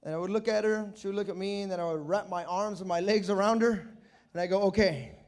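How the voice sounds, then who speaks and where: A man preaching a sermon, telling childhood stories and acting out the voices with shouts. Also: high voice, fairly even intonation, fast. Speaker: pastor. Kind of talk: sermon with storytelling. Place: church.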